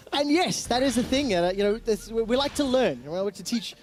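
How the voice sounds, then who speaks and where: A man's voice: very high voice, animated, normal speed. A man casting a video game match play by play, full of teasing banter with his co-caster. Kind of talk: esports play-by-play commentary.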